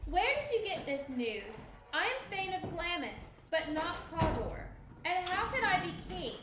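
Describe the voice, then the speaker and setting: A woman's voice: very high-pitched, very animated, a little slow, noisy background, voice pushed up, heavily acted. A woman reading the part of an ambitious, uneasy warrior lord in a storybook telling, her voice in a roomy room.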